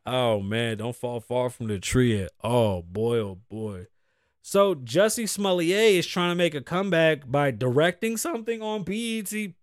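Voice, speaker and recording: A man's voice: medium pitch, dry recording, studio quality. A man hosting his own show, ranting in casual commentary with profane outbursts and muttered asides. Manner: animated, profane, swings between loud outbursts and muttered asides. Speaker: podcast host.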